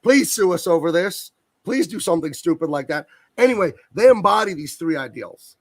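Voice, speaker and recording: A man's voice: on the high side, expressive, fairly quick, no echo. A man who colors comics, talking enthusiastically and at length about his work as a guest on a video call. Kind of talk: casual interview chat.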